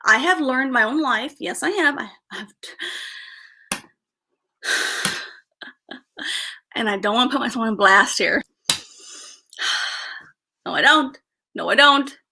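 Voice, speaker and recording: A woman's voice: fairly high pitch, lively intonation, slow pace, vocal fry, pauses often, pushed and bright, slight background noise. A woman in her thirties chatting casually on a livestream, sighing often and repeating herself as she talks. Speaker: vlogger.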